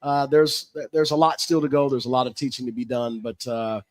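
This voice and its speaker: A man's voice: mid-range voice, a little fast, no echo. A man, a football head coach, chatting casually on a live show, easygoing and laughing often, tired, trailing off with fillers.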